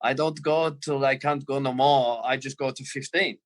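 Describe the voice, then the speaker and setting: A man's voice: mid-range voice, steady tone, moderate pace, lightly acted. A man putting on a mock Scouse-German accent, playing a stubborn, eccentric male teammate who talks in clipped, broken phrases. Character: eccentric foreign footballer teammate, blunt, mad.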